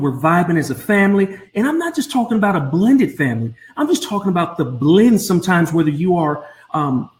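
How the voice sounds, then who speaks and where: A man coaching blended families on a live stream from home, speaking earnestly and often repeating his words. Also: fairly high pitch. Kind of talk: Facebook Live talk. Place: home room. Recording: roomy echo.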